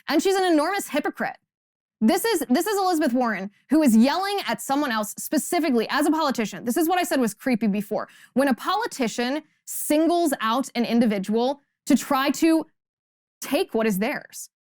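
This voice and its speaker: A woman's voice: high voice, no room sound. Emphatic woman, dry studio sound. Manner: emphatic, sarcastic, rhetorical questions. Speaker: political commentary host. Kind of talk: opinionated monologue.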